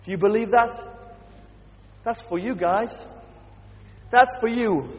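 A man's voice: sits high, slow pace, a little mellow, in a large hall, dull audio. A man preaching a sermon, emphatic and constantly asking his congregation questions.

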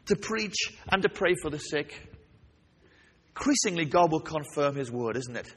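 Male preacher, fairly high voice, husky, animated call-and-response delivery, long hall reverb. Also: moderate pace. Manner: animated, asks the congregation questions. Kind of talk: sermon.

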